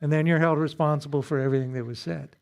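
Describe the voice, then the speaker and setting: A man's voice: a little high, steady tone, fast talker, creaky, a little mellow. Man teaching a church marriage seminar. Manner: conversational, with self-deprecating humor and acted-out quotes. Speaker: pastor leading a marriage seminar.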